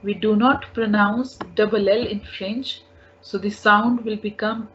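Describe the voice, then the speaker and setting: Slow, patient woman teaching French. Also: mid-range voice, fairly even intonation. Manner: patient, repeats each word several times. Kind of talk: slow language lesson. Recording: dull lo-fi recording.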